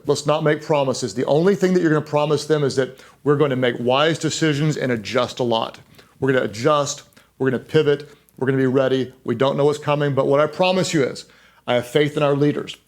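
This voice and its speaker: A man's voice: medium pitch, fairly quick, a little mellow. A middle-aged man, a pastor giving a leadership talk, speaking emphatically and conversationally, repeating key words for stress and dropping in self-deprecating asides.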